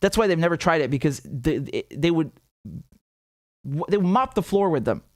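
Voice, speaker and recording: Male live-stream host, higher voice, profane and blunt, reading chat on a dry close mic. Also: normal speed, dry recording. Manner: blunt, profane, animated, with many repeated words. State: has a headache. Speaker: political commentator hosting a live stream.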